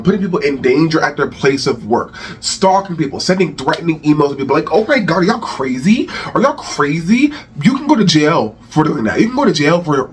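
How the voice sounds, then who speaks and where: A man's voice: fairly high pitch, slight background noise. A man hosting a rant channel, delivering heated celebrity commentary with profanity and repeated phrases.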